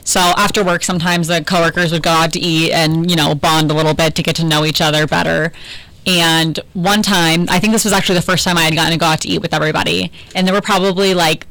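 A female radio co-host banters and tells a casual story, giggling and playfully protesting. Her voice is bright and clear. The sound is close and dry with no room echo. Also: low-pitched, steady tone, fast talker.

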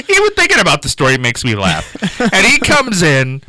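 A man hosting a radio show, telling an anecdote in a casual, animated way and laughing as he goes. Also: high voice, moderate pace, no room sound, poor audio. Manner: animated, laughs through his stories. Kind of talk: casual storytelling chat.

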